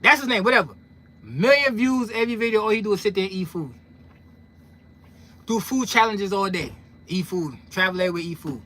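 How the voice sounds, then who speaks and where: A man's voice: sits high, expressive, a little fast, long pauses, bright, forceful tone. A man, a trucking content creator talking straight to his viewers in a casual monologue, emphatic and full of street slang, repeating lines for punch. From New York.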